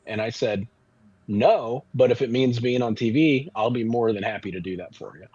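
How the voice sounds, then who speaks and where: A man's voice: medium pitch, normal speed, a little mellow, husky, dry recording. A man from the Kansas City area, a barbecue pitmaster guest, telling a long rambling story in a casual interview with lots of restarts. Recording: dull lo-fi audio.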